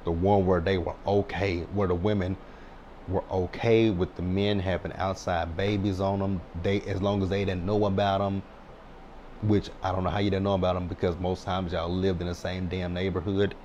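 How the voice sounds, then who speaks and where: A deep-voiced man in his thirties recaps a reality show bluntly and chattily, full of sass and peppered with "child" and "right?". He speaks at normal speed in a level, darkish tone, and the audio has cut-off highs and slight background noise.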